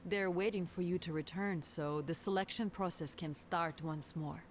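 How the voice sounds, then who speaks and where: A woman's voice: on the low side, steady tone, normal speed, a little hiss or hum, close to an everyday voice. A woman voicing a loyal, formal female palace guard captain in a game, speaking with deference. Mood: formal, pleading. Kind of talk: voiced game dialogue.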